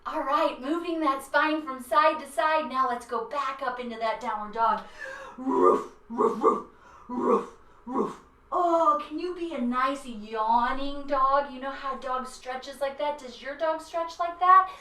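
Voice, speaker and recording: A woman's voice: high-pitched, normal speed, hardly any pauses, bright, forceful tone. A woman guiding a children's yoga class in a playful, encouraging way. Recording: roomy echo, mic at a distance.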